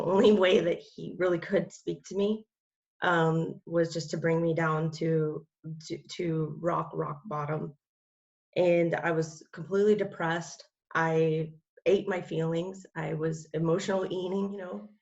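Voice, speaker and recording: Low, flat-voiced woman telling her story. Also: unhurried, vocal fry, highs cut off. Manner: rambling, many fillers and restarts. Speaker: interview guest. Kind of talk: personal testimony in conversation.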